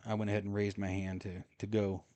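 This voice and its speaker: A man's voice: lowish voice, level tone, fairly quick, warm tone, no room sound. A man telling a long story in a casual, rambling way while playing a game, full of fillers and chuckles. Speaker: gaming streamer.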